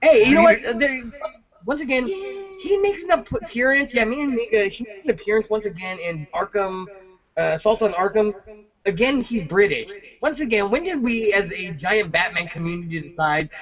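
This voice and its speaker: A man co-hosting a casual podcast chat, excitable and joking as he talks over the others. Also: high voice, moderate pace, highs cut off. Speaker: podcast co-host.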